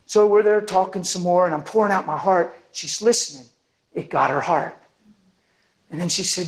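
A man preaching a sermon, telling a story with lively energy and acting out the people in it. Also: sits high, moderate pace, low-quality recording. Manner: animated, acts out the people in his stories.

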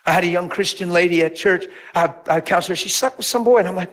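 A man preaching as a pastor, telling stories with lively acted-out voices and sudden drops to a near whisper. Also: fast talker. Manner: animated storytelling, acts out voices with big pitch jumps. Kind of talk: sermon.

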